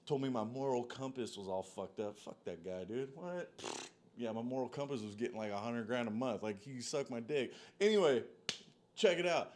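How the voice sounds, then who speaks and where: A man's voice: mid-range voice, fairly quick, few pauses, slight background noise. A man telling a long story in a loose, profane, rambling way, full of "like" and "dude". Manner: animated, jumps between tangents. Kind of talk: casual storytelling monologue.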